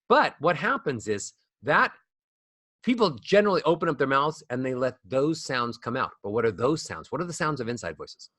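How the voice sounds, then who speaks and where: Recorded in studio quality with no echo, this middle-aged man has a medium-pitched, bright, forceful voice. As an interview guest and voice coach, he demonstrates points animatedly, varying loudness and melody, into a small ball mic held close.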